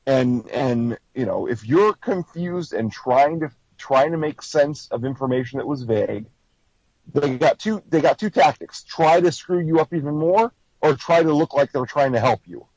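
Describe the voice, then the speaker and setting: Brief: American man, fairly high voice, lively, emphatic instructor, dry lo-fi recording. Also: normal speed, no room sound. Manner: lively, emphatic, acts out quotes in mock voices. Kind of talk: casual group discussion. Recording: dry, slightly dull lo-fi recording.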